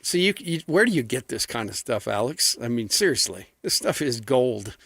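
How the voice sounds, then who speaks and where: A man co-hosting sports radio, chatting casually with relaxed, wry quips. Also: medium pitch, normal speed, no echo.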